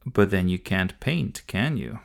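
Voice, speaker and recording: A man's voice: sits low, lively intonation, a little slow, creaky, heavily acted. A man voicing a patient, easygoing grown neighbor in a storybook reading, speaking mildly with a dry edge.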